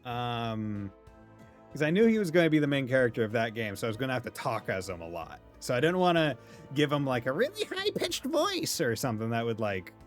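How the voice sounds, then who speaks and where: A man's voice: mid-range voice, huge pitch swings, fairly quick, faint music behind. Chatty man with light Rhode Island accent. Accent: light Rhode Island New England. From Rhode Island, USA. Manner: rambling, laughs often, swears casually. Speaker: game streamer. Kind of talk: casual live-stream chat.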